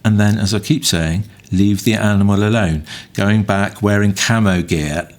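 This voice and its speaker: Sex: man. Role: podcast co-host and wildlife photographer. Style: casual podcast chat. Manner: blunt, opinionated, exasperated. Pitch: fairly low. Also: steady tone, normal speed.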